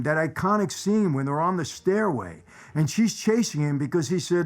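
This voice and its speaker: Rambling man, higher voice, talking movies. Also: very animated, moderate pace. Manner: rambling, repeats phrases for emphasis. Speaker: channel host. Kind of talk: casual movie commentary to viewers.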